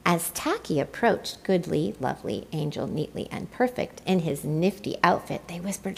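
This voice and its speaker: A woman reading a children's picture book aloud in an expressive, playful way. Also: fairly low pitch, normal speed, gravelly, hardly any pauses, slight background noise. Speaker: storyteller. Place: church.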